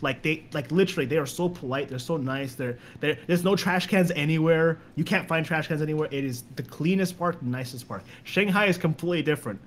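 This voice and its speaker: A man's voice: on the high side, brisk, hardly any pauses, slight background noise. A young man telling stories in a casual podcast chat, rambling and repeating words as he goes. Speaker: guest.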